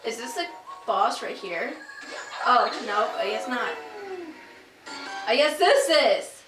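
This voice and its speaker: Excitable young woman gamer, high-pitched. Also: slow, distant mic. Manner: excitable, swears at the game, rambling. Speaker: let's play gamer. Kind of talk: casual gameplay commentary. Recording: roomy, off-mic, with game music. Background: video game music.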